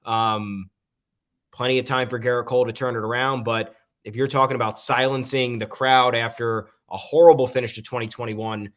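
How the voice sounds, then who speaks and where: An opinionated man co-hosting a casual sports podcast, talking in a mid-pitched voice. He rambles through his points with frequent "um" fillers. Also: steady tone, moderate pace. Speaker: podcast co-host.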